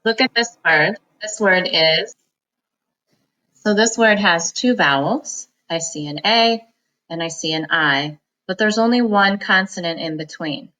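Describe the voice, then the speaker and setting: Bright-voiced woman teaching phonics. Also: on the low side, rough recording. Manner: slow, deliberate, sounds words out syllable by syllable. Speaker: reading teacher. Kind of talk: phonics lesson.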